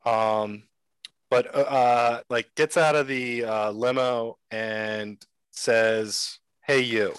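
A man's voice: medium pitch, steady tone, drawn-out words, clear, resonant tone, dry recording. A man co-hosting a casual chat, opinionated but hesitant, with lots of fillers. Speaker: podcast co-host.

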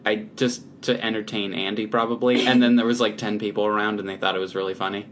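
A man's voice: on the low side, flat delivery, fast, fairly bright tone, a little hiss or hum. A man co-hosting a podcast in casual chat, with dry, understated humor. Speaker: podcast co-host.

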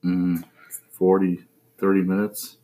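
A man's voice: low-pitched, little pitch movement, takes it slowly, warm tone, a little hiss or hum. A man co-hosting a casual late-night podcast, making dry, laid-back remarks. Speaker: podcast co-host. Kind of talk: casual late-night watch-along chat. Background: film music playing.

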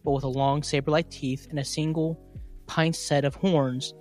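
A man's voice: fairly high pitch, level tone, normal speed, darkish tone, soft background music. A young man with a West Virginian accent, co-hosting a podcast, chatting casually and laughing often as he reads from his notes. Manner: giggly, laughs often while reading. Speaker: podcast co-host presenting cryptid stories. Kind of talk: casual chat, reading notes aloud.

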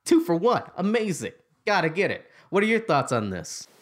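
Excitable young man hosting a podcast. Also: high-pitched, normal speed. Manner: excitable, loose, swears mildly. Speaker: podcast host. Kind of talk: casual chat.

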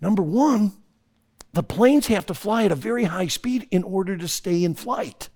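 A preacher voicing an earnest, pleading commander. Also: male voice, sits high, animated, normal speed, a little mellow. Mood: flustered.

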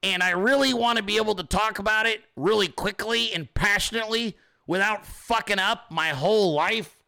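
A man hosting his own livestream show, ranting fast and profanely in an ad-libbed style, sometimes shouting as he acts out scenarios. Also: high voice, smooth. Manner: rapid, profane, animated ranting; shouts when acting out scenarios. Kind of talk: ad-libbed political livestream rant.

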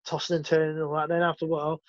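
A man's voice: fairly high pitch, completely flat delivery, rapid-fire, no echo, muffled recording. A man with a West Country English accent, an actor and former boxer chatting as a guest in a rambling, easygoing way with lots of restarts. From West Country of England. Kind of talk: casual interview chat.

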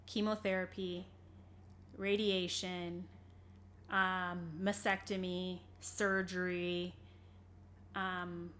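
A woman's voice: mid-range voice, a bit bright. A young adult woman, an interview guest, telling a personal story candidly in conversation, earnest and rambling, with many fillers and restarts.

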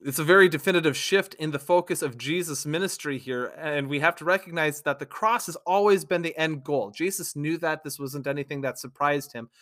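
Brief: male Bible teacher, slightly higher voice, casual explanatory delivery. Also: a little fast, few pauses, a bit bright. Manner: conversational, often asks "right?". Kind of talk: scripture reading and teaching.

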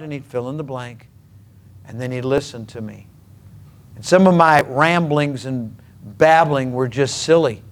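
Earnest male preacher telling stories. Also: medium pitch. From Minnesota. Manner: earnest, emphatic, with dramatic pauses. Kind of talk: sermon storytelling.

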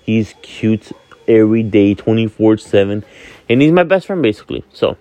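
A sleepy, yawning man in his twenties from Miami, Florida, hosts a vlog and delivers a rambling, candid, casual monologue packed with fillers and free swearing. His voice is lowish and dark-toned, animated, at a moderate pace.

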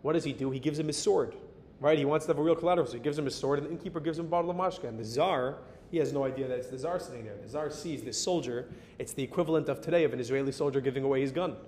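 An American man telling a story in a sermon as a Torah teacher, animated and dropping in Hebrew and Yiddish words. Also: rapid-fire. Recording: reverberant hall with faint rumble.

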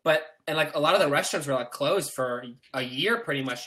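Bright-voiced rambling guest man. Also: a little high, brisk. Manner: loose, profane, rambling with fillers. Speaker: podcast guest. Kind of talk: casual chat.

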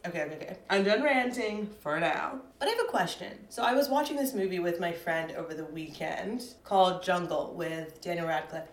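A woman's voice: mid-range voice, a little fast, hardly any pauses. Young woman doing a solo podcast at home, sassy and dramatic, mid voice, kinda echoey. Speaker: podcast host. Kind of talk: solo chatty podcast rant. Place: apartment at home. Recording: roomy echo.

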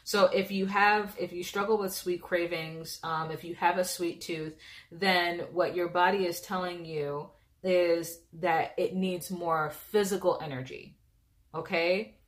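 Young female nutrition coach, informal and talkative, slightly lower pitch, fond of fillers and check-ins. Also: steady tone, a little slow. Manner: chatty, informal, lots of "like" and "okay?". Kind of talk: casual educational talk to camera.

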